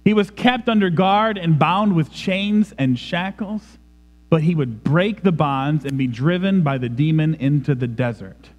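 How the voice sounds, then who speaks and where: A man's voice: a little high, measured pace, in a large hall, dull audio. A man preaching a sermon in a church, emphatic and dramatic. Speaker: pastor. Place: church sanctuary.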